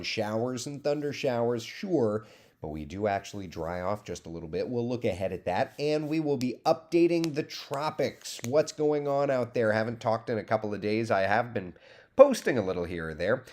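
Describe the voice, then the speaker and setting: This is a male meteorologist hosting a relaxed morning weather stream. He talks in a chatty, friendly way and greets viewers by name between forecast notes. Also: lowish voice. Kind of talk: casual live weather chat.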